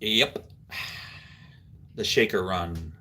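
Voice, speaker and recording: A man's voice: deep voice, drawn-out words, bright, forceful tone. Rambling middle-aged man chatting on stream. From Central New York. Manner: rambling storyteller, filler-heavy, laughs easily. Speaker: livestream host. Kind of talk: casual chat with live viewers.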